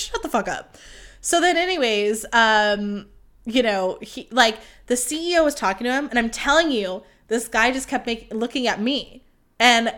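A young woman hosting her own podcast, telling a story in a candid, chatty, self-mocking way with quick asides. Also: a little high, fairly bright tone. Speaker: podcast host. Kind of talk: casual storytelling.

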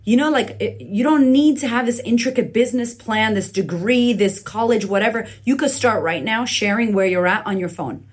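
A woman's voice: on the high side, moderate pace, hardly any pauses, breathy edge. A woman podcast host giving a blunt, profane motivational talk, recorded indoors on a phone leaning on a laptop. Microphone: phone camera leaning on a laptop.

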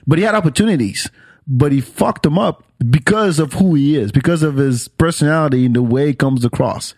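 A man's voice: fairly high pitch, darkish tone, no room sound. Loose, profane male podcast host. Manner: loose, profane, halting restarts. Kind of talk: casual podcast chat.

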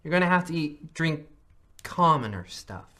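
Low, bright woman player joking around, bit of noise behind. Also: lively intonation, normal speed. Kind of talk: casual chat at a game table.

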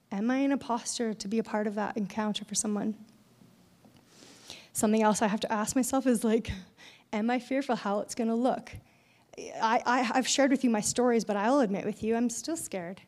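Young woman preacher, high-pitched, chatty and animated in her storytelling. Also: a little fast, big-room sound. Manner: animated storytelling, acting out voices in quotes. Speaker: speaker at a church event. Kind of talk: conversational sermon with personal story.

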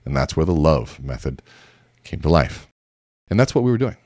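A man teaching a method for conversation, telling lively stories and acting out both sides of his exchanges. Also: a bass voice, normal speed, no echo, studio quality. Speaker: communication coach. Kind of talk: teaching talk with acted-out examples.

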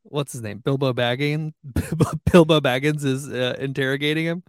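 A man co-hosting a casual book podcast, relaxed and chuckling, often trailing off. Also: mid-range voice, moderate pace, smooth, dry recording, clean studio sound. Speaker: podcast co-host.

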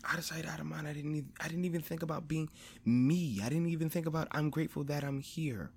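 Podcast guy ranting solo, swears a lot, says the same thing over and over, gets loud and high when he pushes a point. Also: fairly even intonation, quick pace, vocal fry, slightly rough. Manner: blunt, swears often, repeats phrases for emphasis; grows louder and higher when stressing a point. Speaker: podcast host. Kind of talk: personal monologue.

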